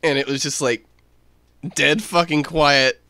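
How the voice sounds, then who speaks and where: A young man co-hosting a casual podcast, telling rambling, swearing anecdotes in an animated way. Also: on the high side, unhurried, clean tone, no echo. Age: young adult. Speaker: podcast co-host. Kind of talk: casual storytelling chat.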